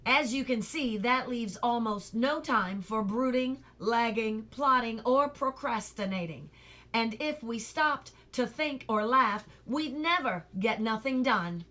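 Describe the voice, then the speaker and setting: A woman reading a children's novel aloud, putting on lively voices for the characters and pausing to correct her slips. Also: on the high side. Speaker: reader.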